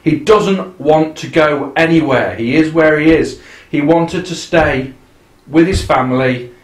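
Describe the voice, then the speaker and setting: A man's voice: a little high, measured pace. A man co-hosting a casual, sarcastic film commentary podcast. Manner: chatty, sarcastic, doing mock film voices. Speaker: podcast co-host. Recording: echoey room.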